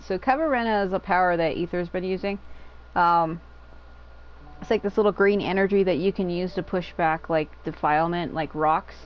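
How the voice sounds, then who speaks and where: A woman's voice: lowish voice, moderate pace, a little hiss or hum, low-quality recording. Rambling woman explaining game lore. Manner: rambling, lots of "like", swears casually. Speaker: gamer. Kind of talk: casual game commentary. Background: game music.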